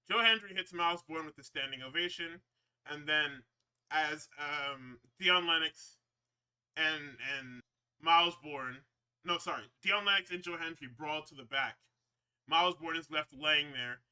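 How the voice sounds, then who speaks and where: A man's voice: a little high, sharp tone, smooth. A man hosting a podcast, recapping wrestling shows in a rambling, profane, casual way with frequent laughs. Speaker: podcast host.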